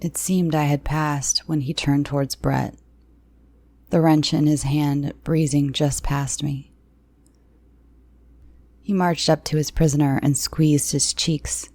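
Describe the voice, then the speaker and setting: A woman narrating a first-person horror story in a slow, hushed, tense reading. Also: deep voice, fairly even intonation, no echo.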